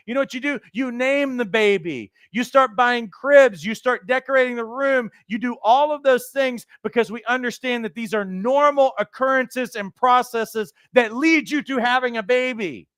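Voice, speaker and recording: A male coach trainer delivers a motivational lesson in a higher-than-usual, smooth and resonant voice. He speaks earnestly, stacking repeated phrases for emphasis. The sound is dry and close, with no room echo. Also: moderate pace, hardly any pauses, fairly bright tone. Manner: acts out quoted voices, occasional restarts. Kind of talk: motivational teaching talk.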